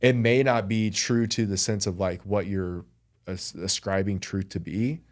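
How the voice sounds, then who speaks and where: Male guest, very low voice, earnest reflective chat. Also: fairly even intonation, unhurried. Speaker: podcast guest. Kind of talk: casual conversation.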